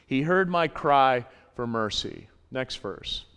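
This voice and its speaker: A man preaching a sermon in a church, animated, repeating his points and acting out little voices. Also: mid-range voice, slow pace, clear, resonant tone, in a large hall. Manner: animated, repeats phrases, acts out voices in quotes. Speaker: pastor. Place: church sanctuary.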